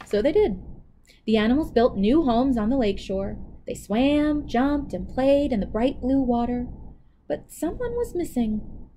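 A woman librarian reading a children's picture book aloud in a dramatic, expressive way, with asides to young listeners. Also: sits high, measured pace, a little hiss or hum, poor audio.

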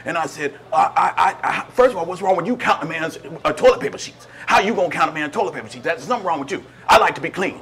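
A man's voice: lowish voice, animated, fast, close to an everyday voice. A man playing a prison inmate in a sketch comedy monologue, rambling and stammering with indignation.

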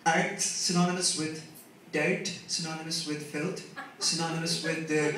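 High-voiced young man ranting stand-up. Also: normal speed. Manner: animated, ranting, sarcastic. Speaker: stand-up comedian. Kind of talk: stand-up comedy set. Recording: echoey, distant, noisy live recording.

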